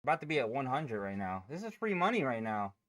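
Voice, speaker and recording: A man's voice: mid-range voice, sing-song, quick pace, a bit bright, no echo. A man hosting a day-trading livestream, chatting casually, joking and swearing. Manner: joking, loose and profane.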